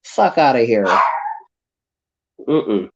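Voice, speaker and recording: A man tells a rowdy story, jumping into the voices of the people in it. His level pitch sits in the middle. The audio is dull and lo-fi, like a call coming through a stream. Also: very slow, creaky. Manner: animated, acts out voices in his stories. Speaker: guest. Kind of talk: casual storytelling on a livestream.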